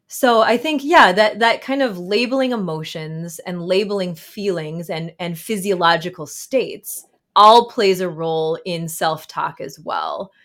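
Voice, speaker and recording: In a fairly low-pitched voice, a woman in her thirties who works as a therapist and author talks reflectively as a guest in a casual interview. Fillers come up often, along with soft laughs.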